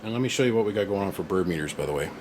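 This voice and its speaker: A man's voice: sits low, lively intonation, rapid-fire, background noise. A man who runs a repair shop, telling a story in a casual, folksy way with slang in his workshop. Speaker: amplifier repair shop owner. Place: workshop with shelving units.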